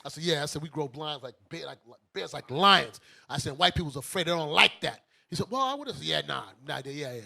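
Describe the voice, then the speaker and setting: A middle-aged bishop from Brooklyn tells a story to his congregation, playing each person's lines himself. His voice sits high and sounds bright and forceful. He keeps it casual and animated throughout. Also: brisk, creaky, few pauses. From Brooklyn, United States. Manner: animated, acts out the other voices in his stories.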